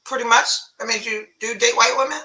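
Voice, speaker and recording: A woman's voice: on the high side, a little fast, sharp tone, recorded from a distance, poor audio. A woman in her fifties giving dating advice in casual chat, confident and matter-of-fact. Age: 50s. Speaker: relationship guru and talk show guest.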